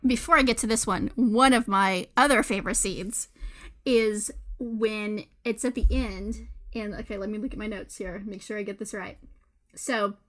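A woman's voice: mid-range voice, normal speed, a bit bright. A woman with a Southern US accent, co-hosting a casual movie podcast in a rambling, gushing, giggly way. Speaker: podcast co-host.

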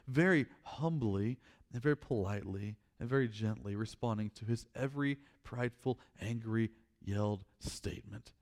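Animated storytelling preacher man. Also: on the low side, normal speed. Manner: animated, acts out scenes, drops quiet for emphasis. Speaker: pastor. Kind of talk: sermon with storytelling.

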